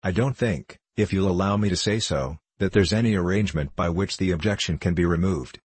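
A man's voice: low-pitched, fairly quick, breathy edge, no echo. A man reading the part of a spirited, stubborn older governess who speaks firmly and earnestly. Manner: firm, earnest. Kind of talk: audiobook reading.

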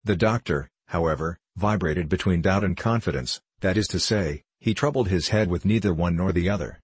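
Low husky guy reading a classic novel, steady formal storytelling. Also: no room sound. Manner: measured, formal storytelling delivery. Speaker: audiobook narrator. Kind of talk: scripted narration.

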